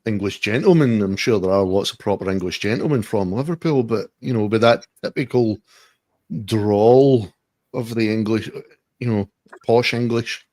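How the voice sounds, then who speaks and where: A man's voice: fairly low pitch, normal speed, a little mellow, dry recording. A man hosting a podcast, chatting casually and swearing freely. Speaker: podcast host. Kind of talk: casual banter.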